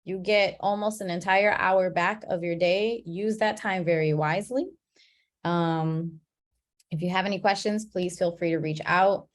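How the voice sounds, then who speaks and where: A woman leading an online class on a video call, talking in a relaxed, chatty way and laughing at her own slips. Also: on the low side, measured pace. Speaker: class facilitator.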